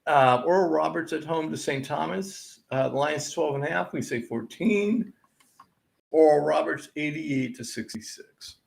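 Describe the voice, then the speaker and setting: A man's voice: on the high side, a little slow, vocal fry. A man hosting a sports-picks recap, going over college basketball scores in an exasperated, sarcastic rant. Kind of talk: ranting sports betting recap.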